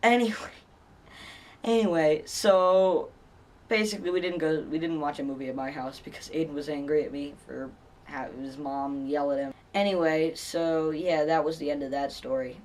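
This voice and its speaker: A man's voice: a little high, steady tone, normal speed, far from the mic. A teenage boy vlogger telling a story in a rambling way, with many fillers and restarts. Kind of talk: casual storytelling vlog.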